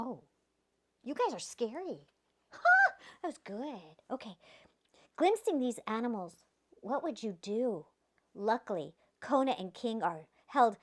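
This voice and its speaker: A woman reading a rhyming picture book aloud to children, playful, stopping to ask the kids questions and dropping to a whisper at quiet moments. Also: high-pitched, very animated, unhurried. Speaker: children's storybook reader.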